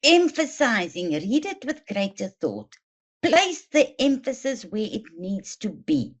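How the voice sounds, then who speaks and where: A woman presenting a teacher training webinar, explaining and demonstrating read-aloud techniques in a deliberate, emphatic way. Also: medium pitch, very animated. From South Africa. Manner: slow, deliberate, emphatic delivery addressing teachers. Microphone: online webinar mic. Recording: dull lo-fi webinar audio.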